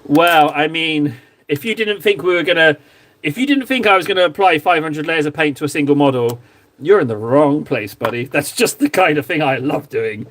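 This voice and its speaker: A man's voice: on the high side, animated, moderate pace. Playful man chatting while painting. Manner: playful, jokey, mock-shouts insults at viewers. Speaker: streamer painting miniatures. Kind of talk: casual live-stream chat.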